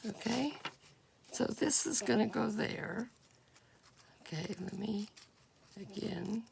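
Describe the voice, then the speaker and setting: A woman with a deeply gravelly, gruff voice talks very slowly through a craft project, thinking aloud with plenty of fillers and now and then slipping into a whisper. Clear background noise and clicking tools run under her voice. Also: darkish tone. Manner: unhurried, thinking aloud with fillers and drops into whispers while working. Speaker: crafter demonstrating a junk journal project. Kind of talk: casual step-by-step craft demonstration.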